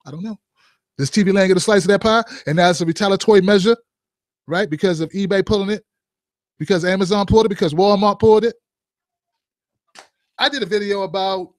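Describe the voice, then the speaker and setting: High-voiced man joking through commentary. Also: dry recording, clean studio sound. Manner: joking, rhetorical questions, asides to viewers. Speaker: host of a commentary show. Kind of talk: opinion commentary vlog.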